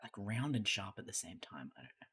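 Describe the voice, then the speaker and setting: This is a live streamer chatting casually to viewers while working on a craft project. The voice moves all over its range, jumping up with excitement and then dropping low and quiet during the fiddly bits. It is full of swearing and frequent laughs. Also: a little fast, breathy edge.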